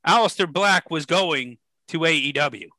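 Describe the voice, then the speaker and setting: A man's voice: fairly high pitch, lively intonation, unhurried, sharp tone, dry recording, rough recording. A man co-hosting a podcast, posing questions and building his argument in casual chat. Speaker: podcast co-host.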